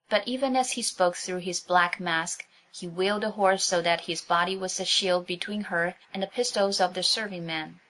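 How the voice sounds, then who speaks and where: A woman narrating a children's audiobook in a clear, even storytelling manner. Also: on the low side, moderate pace, hardly any pauses.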